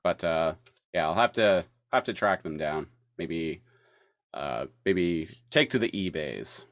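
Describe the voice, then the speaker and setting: Man, podcast co-host; lowish voice, relaxed, halting delivery full of fillers. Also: dry recording, clean studio sound. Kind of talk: casual comic review chat.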